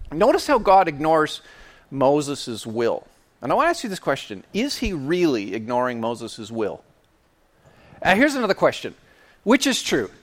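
A man preaching a sermon in an animated, playful way, acting out little scenes and quotes. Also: a little high.

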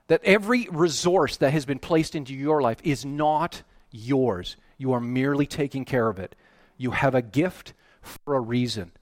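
A man preaching a sermon, animated and emphatic, often rising to loud, excited peaks. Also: mid-range voice, moderate pace, hardly any pauses, no room sound, studio quality. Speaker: pastor.

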